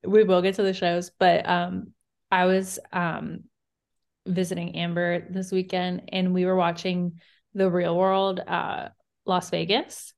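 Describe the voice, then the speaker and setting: A woman's voice: lowish voice, monotone, slow, vocal fry, darkish tone. A young woman from Virginia with a light Southern accent, co-hosting a casual podcast chat, laughing often and filling her talk with "like". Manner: chatty, laughs often, says "like" a lot. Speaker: podcast co-host.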